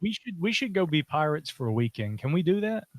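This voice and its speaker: A man's voice: a little high, sing-song, a little fast, no echo. A man hosting a casual podcast chat, joking and telling stories with lots of fillers. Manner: jokey, storytelling with many fillers. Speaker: podcast host.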